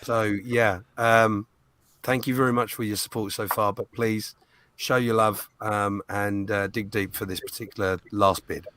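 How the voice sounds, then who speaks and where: A man hosting a charity auction stream, talking casually with many pauses and restarts. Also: lowish voice, level tone, bright, forceful tone. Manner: hesitant, many ums and restarts. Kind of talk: casual live-stream chat.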